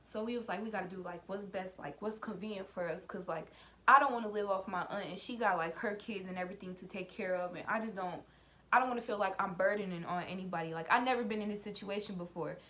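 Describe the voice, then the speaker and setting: A woman's voice: medium pitch, fast talker, sharp tone. Chatty young woman telling a story. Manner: chatty, loose and conversational, full of "like" and "y'all". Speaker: vlogger. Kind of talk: casual story time.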